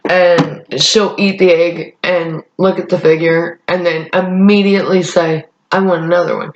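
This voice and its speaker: A young woman vlogger rambling in a casual chat, blunt and profane. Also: lowish voice. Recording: echoey room, dull lo-fi sound.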